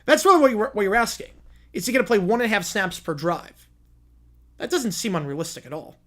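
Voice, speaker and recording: A man's voice: high-pitched, animated, a little fast, bright, forceful tone. A man hosting a live stream, chatting casually and rambling, often repeating himself. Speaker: streamer host.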